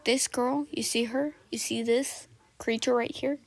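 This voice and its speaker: A woman's voice: a little high, fairly even intonation, unhurried, vocal fry. A woman voicing a clingy, jealous young man in a fan audio role-play, pleading and then possessive.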